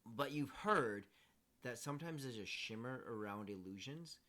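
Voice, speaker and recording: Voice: medium pitch, lively intonation, normal speed, pushed and bright. Easygoing game master, casual rambling narration. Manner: easygoing, filler-heavy narration.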